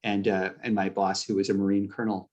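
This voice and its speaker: A man's voice: fairly low pitch, little pitch movement, fast talker, a little mellow, dull audio. A middle-aged man from upstate New York with a Canadian-sounding accent, chatting as an author guest in a casual interview, self-deprecating and full of restarts. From upstate New York, USA. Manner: rambling, self-deprecating, many restarts and laughs.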